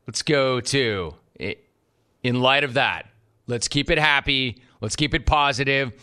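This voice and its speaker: A man hosting sports talk radio, taking calls with a sarcastic, rapid-fire manner. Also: medium pitch, pushed and bright, clear, resonant tone. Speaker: radio show host.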